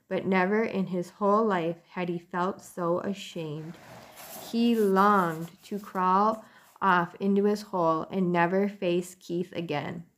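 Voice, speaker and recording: A woman reading a children's chapter book aloud with gentle, clear storytelling. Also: on the low side. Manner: gentle, clear storytelling; casual chatty sign-off. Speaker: storybook reader.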